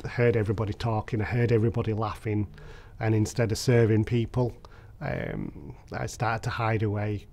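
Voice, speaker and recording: In an interview, a man in his 30s recounts his own story candidly and reflectively. His voice is mid-pitched, and he often pauses on soft fillers.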